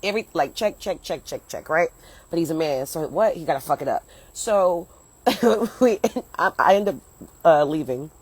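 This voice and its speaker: A woman's voice: low-pitched, expressive, normal speed, slightly rough, low-quality recording. A young woman from the United States, a comedian, telling a rambling story on a livestream from her phone at home, swearing freely and breaking off to chat with viewers. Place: at home, partly outdoors. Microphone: phone at arm's length.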